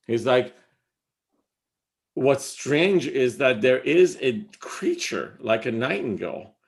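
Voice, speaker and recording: A man's voice: medium pitch, expressive, takes it slowly, creaky. A man teaching a class in a casual style, reading out lines of verse and then paraphrasing them conversationally. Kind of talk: casual class explaining poetry.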